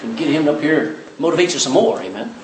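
A male pastor delivers a sermon with an animated, swooping delivery, his voice sitting high for a man. He drops into quick mimicry of the people he describes. The sound is roomy and distant, with faint room noise behind him. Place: church. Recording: echoey church hall, distant mic.

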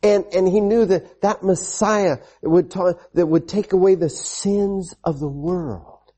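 Husky-voiced man preaching to children. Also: sits high, slow. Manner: animated, repetitive, with call-and-response amens. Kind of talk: children's sermon storytelling.

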